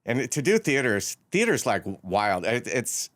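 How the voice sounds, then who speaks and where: A man from California talks as a comedian guest in a loose, rambling way, often searching for his next words. His voice sits at a middling pitch. It is recorded close and dry. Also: big pitch swings, moderate pace, a bit bright, no echo. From San Francisco Bay Area. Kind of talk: casual interview chat.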